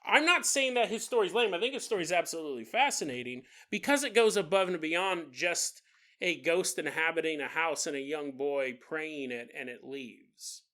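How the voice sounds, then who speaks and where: A man's voice: a little high, expressive, normal speed, sharp tone. A man hosting a paranormal podcast, retelling a ghost story in a casual, jokey way and mimicking the people in it. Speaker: podcast host.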